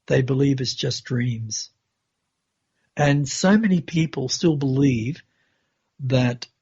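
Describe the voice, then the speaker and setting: A man who is a podcast guest, recounting a personal spiritual experience in an earnest, unhurried way on a dull, lo-fi recording. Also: medium pitch, darkish tone, husky.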